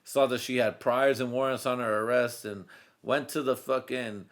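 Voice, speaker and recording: A man hosting a comedy podcast, telling crude stories in a rambling, profane way and breaking into loud voices for the people in them. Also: medium pitch, fairly even intonation, normal speed. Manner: profane, rambling, acts out characters in loud bursts. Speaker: podcast host.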